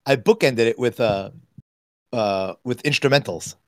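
A man's voice: mid-range voice, unhurried, fairly bright tone, no echo, studio quality. A man co-hosting a casual podcast chat, teasing and a little hesitant. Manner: teasing, hesitant, with many fillers. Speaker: podcast co-host.

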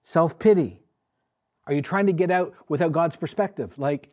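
A man's voice: on the high side, moderate pace, a little mellow. A male pastor preaching a sermon to his congregation, emphatic and asking them questions. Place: church with a congregation.

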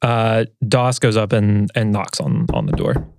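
A man talks as a player in a tabletop game, with a lively, swooping pitch. He speaks in a teasing, animated way. The sound is dry and close. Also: a little slow, gravelly, no echo.

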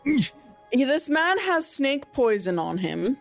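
A woman's voice: high voice, big pitch swings, slow, creaky, faint music behind, voice pushed up, heavily acted. A woman voicing a strong female goliath adventurer who speaks with overly proper politeness. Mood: polite.

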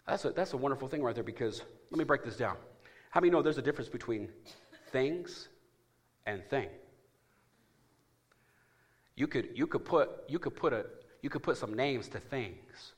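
A man preaching a sermon as pastor, emphatic and calling out to his congregation for responses. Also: mid-range voice. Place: church.

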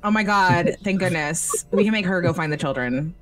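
A woman's voice: on the low side, moderate pace, loud music behind the voice. A woman playing a tabletop role-playing game, talking in character in a chatty, friendly, upbeat way. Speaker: tabletop player.

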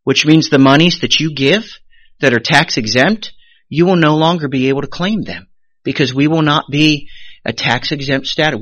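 A man preaching a sermon as pastor, animated, rising sharply then dropping to a hush, and briefly acting out the voices of the people he quotes. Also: medium pitch, no echo, lo-fi sound. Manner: animated preaching with sudden rises and hushed drops; acts out quoted voices of the congregation.

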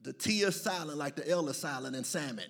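A male preacher with a high-set voice and a gravelly, fry-edged texture. He preaches in rhythmic waves and rises into chanted, near-shouted calls to the congregation. Between the calls he drops into loose, joking asides. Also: lively intonation, a little fast. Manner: building to shouted, chanted call-and-response preaching. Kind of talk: sermon.

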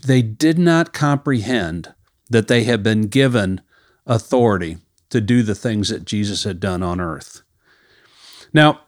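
A man's voice: mid-range voice, no room sound, studio quality. A man hosting a ministry podcast, reading Bible passages aloud and then explaining them in a conversational teaching manner.

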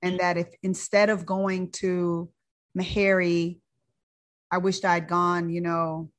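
A woman's voice: lowish voice, little pitch movement, slow. A woman, a physician, telling a personal story in a conversational way, often repeating words and using fillers.

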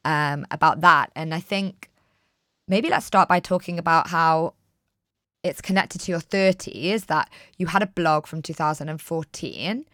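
A woman hosting a podcast interview as a coach, asking thoughtful, measured questions with light fillers. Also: deep voice, pushed and bright, no echo, clean studio sound. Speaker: host and coach.

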